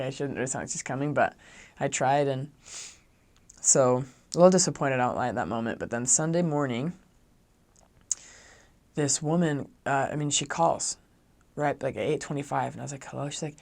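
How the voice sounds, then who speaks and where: Speaking a little fast in a fairly high voice with vocal fry, a young man who was once a missionary tells a personal story in a chatty, filler-laden way. His voice rises when he quotes his own kind remarks.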